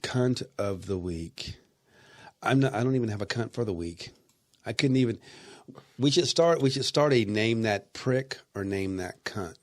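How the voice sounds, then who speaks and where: A man's voice: mid-range voice, normal speed. A man co-hosting a podcast in casual, profane banter, sounding tired and rambling. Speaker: podcast co-host.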